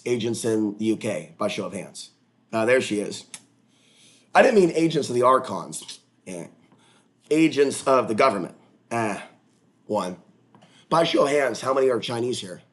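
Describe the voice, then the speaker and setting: A man talks straight to his livestream viewers in an erratic, rambling monologue. He jumps from one topic to the next, his voice sitting at an ordinary middle pitch, and now and then he flares up into loud outbursts. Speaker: livestream host.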